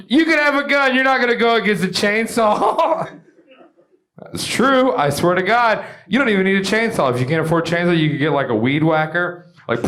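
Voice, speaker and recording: A young man from Georgia doing a stand-up comedy set on stage, animated, with shouted bits and quick asides. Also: sits high. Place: comedy stage with a live audience.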